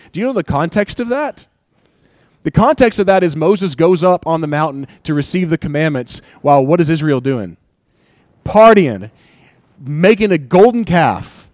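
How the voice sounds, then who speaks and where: A young man preaching a sermon in a casual, conversational way, animated and joking, slipping into little acted asides. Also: a little high, dry recording. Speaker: pastor.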